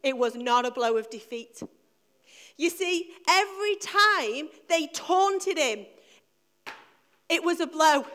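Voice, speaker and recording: Middle-aged woman preacher with a very high voice, storytelling Easter sermon with emphatic repetition. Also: animated, takes it slowly, long pauses, a bit bright.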